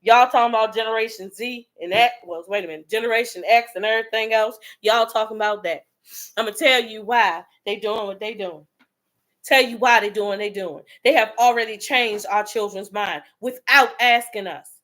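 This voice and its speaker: A woman's voice: a little high, moderate pace, fairly bright tone. A woman host delivering an impassioned motivational rant in a fiery, preachy manner. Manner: fiery, preachy, street-talking.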